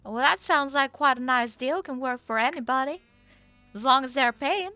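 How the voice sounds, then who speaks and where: A woman's voice: high-pitched, moderate pace, sharp tone, no echo, soft background music, pitched above the performer's own voice. A woman playing a polite, folksy Southern belle in a wild west role-play, with a put-on Southern US accent.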